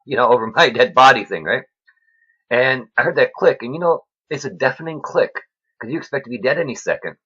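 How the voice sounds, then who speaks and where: A man talking to his viewers about faith in a rambling, preachy way, keeps asking "right?", and his voice swings between loud and soft with emotion. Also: mid-range voice, lively intonation, fairly quick, breathy edge, muffled recording. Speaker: vlogger. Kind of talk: rambling faith talk to camera.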